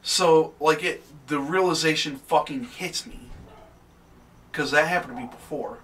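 A young man co-hosting a podcast, telling a ghost story in animated, swear-heavy casual chat. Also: a little high, a little slow. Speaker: podcast co-host. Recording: distant mic with faint background noise.

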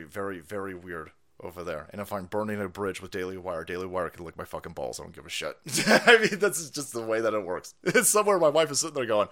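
A middle-aged man hosting a livestream, ranting about politics in a loud, profane, laughing way. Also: lowish voice. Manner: foul-mouthed, laughing, animated. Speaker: livestream host.

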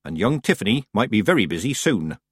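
A man voicing a stern, sharp old woman witch with a dry, firm and clipped manner. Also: on the low side, very animated, a little fast, breathy edge, no room sound, exaggerated voice. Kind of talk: audiobook character voice.

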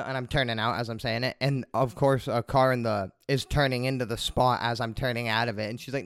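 A man's voice: medium pitch, steady tone, moderate pace, hardly any pauses, a bit bright, no room sound, studio quality. A man hosting his own podcast, telling a rambling story in a casual, heavily profane monologue. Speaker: podcast host.

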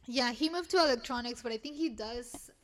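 A young woman with a thick Mexican Spanish accent talks in loose, rambling casual chat. She swears often and pokes fun at herself. Her voice sits somewhat high. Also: a little fast, a little hiss or hum. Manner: rambling, swearing, self-deprecating. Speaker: retail worker.

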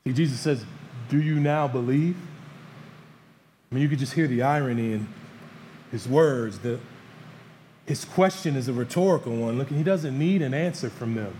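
Male pastor preaching in a reverberant hall. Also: moderate pace. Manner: animated preaching, voices the disciples and Jesus with shifts in pitch and loudness. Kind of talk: sermon. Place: church hall. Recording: church hall with long reverb, faint background noise.

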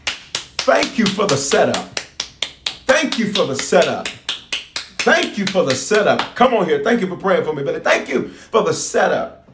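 A man's voice: high voice, sing-song, a little slow, long pauses, noisy background. A man preaching a fiery livestream prayer sermon as pastor, with emphatic, repetitive exhortation. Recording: roomy echo.

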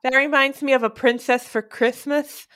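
A woman's voice: sits high, fairly even intonation, moderate pace, a bit bright. A woman co-hosting a casual movie review chat, easygoing and wry, often giving short agreeing replies.

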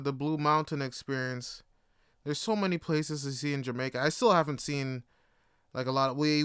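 Animated, swearing male storyteller. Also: medium pitch, clear, resonant tone, dry recording, clean studio sound. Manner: animated, swears freely, repeats himself. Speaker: podcast host. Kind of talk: casual storytelling.

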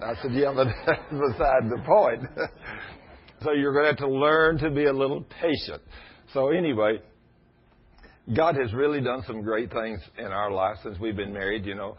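A middle-aged man, preaching a storytelling sermon in a folksy, animated way. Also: mid-range voice, moderate pace, breathy edge. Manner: folksy, animated, laughs at his own stories. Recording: dull lo-fi recording.

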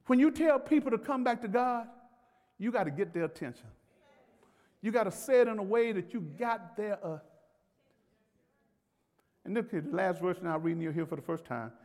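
A man's voice: sits high, normal speed, pauses often, a little mellow. A man preaching a sermon as pastor, in a folksy, conversational way with laughter and acted-out pleading. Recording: long hall reverb.

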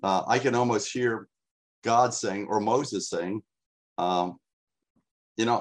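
A man with a somewhat low voice preaches a sermon. He walks through scripture in a loose, chatty way and often pauses on fillers. His tone is plain and unhurried. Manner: conversational preaching with frequent fillers. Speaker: pastor.

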